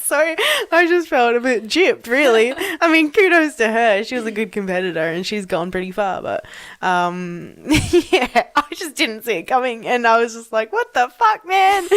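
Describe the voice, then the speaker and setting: A young Australian woman co-hosts a casual chat podcast, speaking at a moderate pace in a fairly high voice with no room sound. She tells animated stories, laughs often and swears freely.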